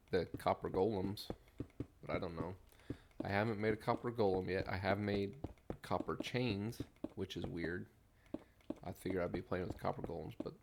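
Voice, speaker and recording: A middle-aged man streaming a game, talking in a mellow, rambling way and humming to himself while he builds, recorded at a desk mic. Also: deep voice, creaky, background noise. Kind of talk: relaxed gameplay commentary.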